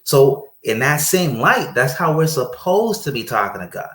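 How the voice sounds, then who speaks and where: A man talking casually about marriage and faith, telling stories and acting out quoted speech with lively energy. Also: medium pitch, normal speed. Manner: animated storyteller, acts out quoted speech. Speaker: guest speaker on marriage. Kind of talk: casual conversational preaching. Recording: roomy echo.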